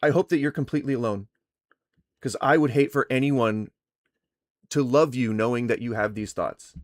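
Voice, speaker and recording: A man streaming live, arguing heatedly with chat, swearing and lecturing, his voice going hoarse from shouting. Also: mid-range voice, normal speed, dry recording, studio quality. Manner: angry, profane, lecturing. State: losing his voice. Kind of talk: heated livestream argument.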